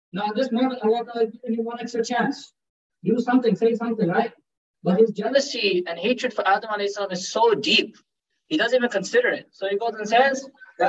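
High-voiced fast-talking man teaching. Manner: conversational and joking, mixing in Urdu and Arabic phrases. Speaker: Islamic teacher giving a talk. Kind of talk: informal religious lecture. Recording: dull distant recording.

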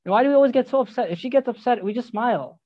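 A man's voice: very high voice, very fast, dry recording, lo-fi sound. A man giving a sermon, telling a story with quoted voices and reciting Arabic verses. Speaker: preacher.

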